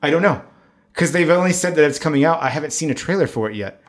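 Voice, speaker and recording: A man's voice: fairly high pitch, lively intonation, fast talker. A man co-hosting a casual chat show, rambling along with frequent fillers and restarts as he talks through upcoming movies. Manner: rambling, hesitant, with many fillers.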